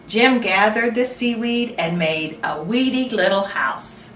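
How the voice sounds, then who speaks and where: A woman reading a children's picture book aloud at an unhurried pace, her voice rising and falling animatedly. She turns to the young listeners with questions. The recording is roomy and distant, with a faint hiss. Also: medium pitch, lively intonation, fairly bright tone. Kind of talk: children's storytime read-aloud.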